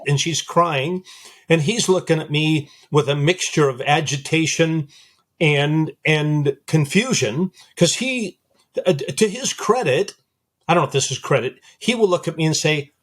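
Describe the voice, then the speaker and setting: A man's voice: fairly high pitch, measured pace. A man hosting a psychology podcast, telling a counseling story animatedly, repeating phrases for emphasis. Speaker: psychologist host. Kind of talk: conversational podcast interview.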